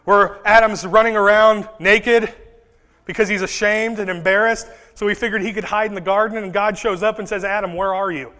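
Male pastor, sermon delivery, animated, high voice, long hall reverb. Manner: animated preaching, voices Bible figures in quick asides.

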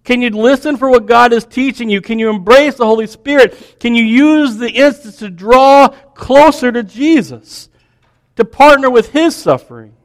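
A man preaching a sermon, building questions in a row and dropping to a soft hush. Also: very high voice, moderate pace. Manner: animated storytelling preacher, dropping to soft hushed tones.

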